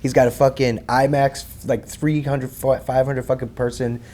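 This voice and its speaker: A man's voice: medium pitch, moderate pace. A man in his thirties telling stories as an interview guest, casual and profane, acting out quotes from others. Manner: animated, profane, acts out quotes. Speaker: guest, rapper and filmmaker.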